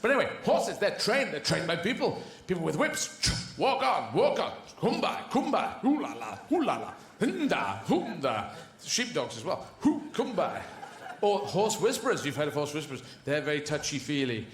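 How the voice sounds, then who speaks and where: A man's voice: on the high side, big pitch swings, moderate pace. A man doing rambling, playful stand-up comedy full of sound effects, on a roomy stage.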